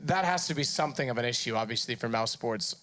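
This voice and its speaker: A man's voice: medium pitch, lively intonation, fast, pushed and bright. A man hosting an esports analysis desk, talking in a chatty, rambling, self-deprecating way.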